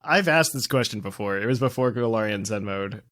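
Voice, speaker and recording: A man's voice: fairly low pitch, lively intonation, a little fast, fairly bright tone, no room sound, studio quality. A man hosting a quiz segment on a casual podcast, reading out questions and teasing the guests.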